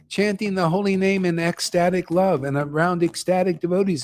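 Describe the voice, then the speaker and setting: A man's voice: high-pitched, steady tone, moderate pace, hardly any pauses. An older man giving a blunt, slangy devotional talk as a spiritual teacher, ranting and calling his listeners "man.". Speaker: spiritual teacher leading a chanting gathering.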